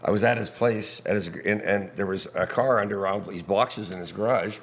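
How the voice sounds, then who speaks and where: A hoarse man with a very deep voice tells rambling stories between chuckles. The sound is recorded in a pub with a long reverb tail. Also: moderate pace. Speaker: guest musician. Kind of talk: casual storytelling chat. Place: back bar of a pub.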